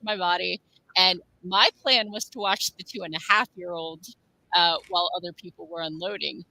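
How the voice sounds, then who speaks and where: Bright-voiced woman chatting on a stream. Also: lowish voice, moderate pace, vocal fry. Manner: chatty, reads out chat comments. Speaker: stream co-host. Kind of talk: casual chat on a live stream.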